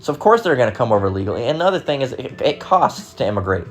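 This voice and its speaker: A man's voice: mid-range voice, big pitch swings, very fast. An American man ranting casually in a heated, profane and sarcastic way, often restarting his sentences. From United States. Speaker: vlogger. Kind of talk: casual rant.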